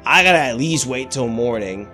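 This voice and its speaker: A sheepish male adventurer hems and hesitates at an everyday pitch, as a man plays him. Soft music lingers faintly behind the tabletop game. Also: lively intonation, normal speed.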